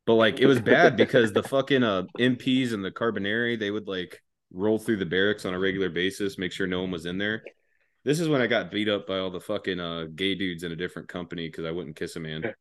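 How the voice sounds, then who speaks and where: Low-voiced young man, profane storyteller. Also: fairly quick, dry recording, clean studio sound. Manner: profane, laughing, rambling. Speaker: podcast guest. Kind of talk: casual storytelling.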